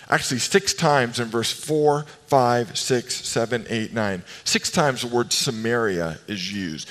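A male pastor giving an animated, emphatic sermon with playful asides. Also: mid-range voice. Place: church sanctuary. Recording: long reverb of a large hall.

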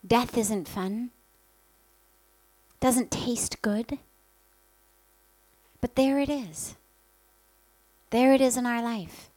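Slow, earnest woman spiritual teacher. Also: fairly high pitch, no echo, low-quality recording. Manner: earnest, gentle storytelling with many lists. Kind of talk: spiritual talk.

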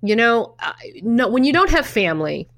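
A woman's voice: fairly high pitch, sing-song, normal speed, fairly bright tone. A middle-aged woman co-hosting a casual chat, telling personal stories with lots of restarts and the odd swear word. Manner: chatty storyteller with frequent restarts and swearing. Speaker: podcast co-host.

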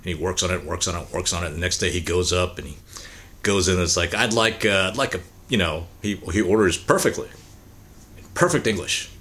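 Low-voiced male podcast co-host, casual and animated, acts out quotes. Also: brisk. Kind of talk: casual chat.

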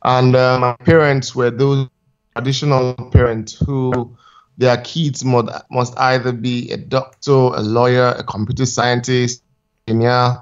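A young man, chatting as a podcast guest and telling his story in a relaxed way. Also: mid-range voice, a little slow, clear, resonant tone, dull audio. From Nigeria. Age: young adult. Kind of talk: conversational interview.

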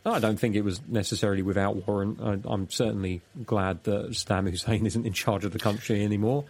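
A man with a lowish voice talks casually on a podcast, pausing with fillers and restarting sentences. He laughs easily between points. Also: fairly even intonation, darkish tone. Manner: chatty, laughs often, many fillers and restarts. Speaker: guest.

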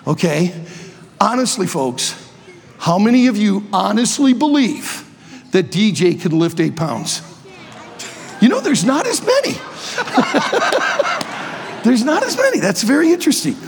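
Sixties male preacher, high husky voice, playful and shouty, long hall reverb. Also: sing-song, measured pace, pauses often. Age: 60s. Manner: playful, joking, bursts into shouts. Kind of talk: energetic youth sermon.

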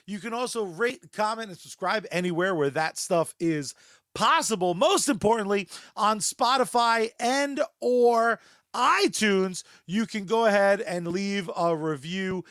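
Male podcast co-host, high voice, relaxed banter and sponsor plugs. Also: no echo, clean studio sound. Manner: loose, joking, fills with "uh". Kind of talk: casual podcast chat with sponsor reads.

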